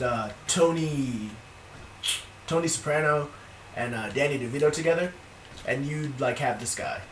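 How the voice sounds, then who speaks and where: A young man spins an animated, cussing storytime tale in a casual voice of middling pitch. The room is echoey, he sits back from the mic, and a faint hum of room noise runs underneath. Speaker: vlogger. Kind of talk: storytime vlog. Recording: roomy, distant from the mic.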